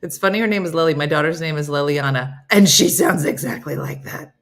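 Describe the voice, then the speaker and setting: A woman's voice: low-pitched, a little fast. A middle-aged woman hosting a casual live chat, laughing and reading out viewers' comments. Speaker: host.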